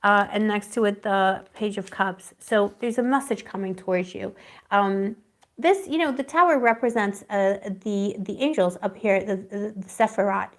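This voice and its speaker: During a live-streamed tarot reading, a woman rambles affectionately, calling her viewers pet names and searching dreamily for words. She speaks at a normal speed in a medium pitch.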